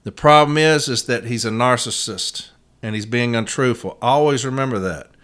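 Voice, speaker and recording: A man's voice: medium pitch, normal speed, a bit bright. A man hosting a podcast, telling a story in a casual monologue and acting out the quotes, with frequent "uh" fillers. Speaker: podcast host, union advocate.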